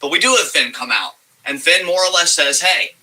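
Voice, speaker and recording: A man co-hosting a wrestling review show, talking in a very bright, fairly high voice. He lays out his points in a measured, analytical way, with an occasional curse thrown in. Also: poor audio. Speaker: podcast co-host. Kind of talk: casual wrestling review chat.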